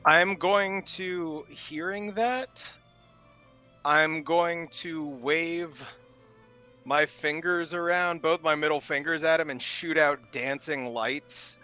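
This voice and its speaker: A man's voice: on the high side, steady tone, slow pace, sharp tone, clear, resonant tone, soft background music. A man playing a tabletop game, describing his move in a laid-back way. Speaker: player. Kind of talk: casual tabletop play.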